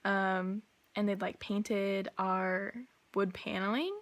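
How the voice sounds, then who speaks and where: A woman's voice: medium pitch, flat delivery, slow pace. A young woman vlogging casually as she tells a long story, rambling with lots of filler words. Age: young adult.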